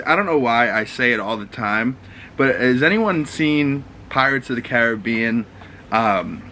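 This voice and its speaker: A man's voice: mid-range voice, bright, forceful tone, slight background noise. A man hosting his own vlog in a loose, rambling casual chat, swearing now and then. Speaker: vlog host.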